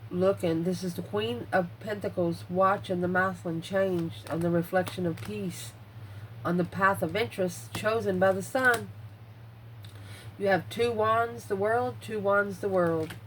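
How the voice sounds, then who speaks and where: A woman's voice: mid-range voice, steady tone, unhurried, slight background noise, rough recording. Blunt, breathless woman reading tarot. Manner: blunt, swears freely, muses aloud over the cards. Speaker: tarot reader.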